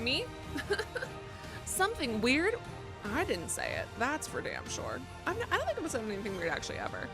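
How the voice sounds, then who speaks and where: A young woman streaming a game, joking, swearing and reading the game text aloud, with game music under her voice. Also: high voice. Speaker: livestreamer. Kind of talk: casual gaming commentary.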